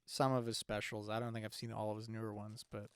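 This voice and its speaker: A man's voice: fairly low pitch, monotone, fast, noisy background. A young man co-hosting a podcast in casual chat, rambling with lots of fillers and restarts. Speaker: podcast co-host.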